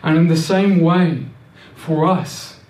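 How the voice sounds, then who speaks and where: A man's voice: a little high, steady tone, slow pace, a little mellow, far from the mic. Earnest preacher man in an echoey room. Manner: earnest, repetitive, with many restarts and stammered words. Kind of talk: sermon.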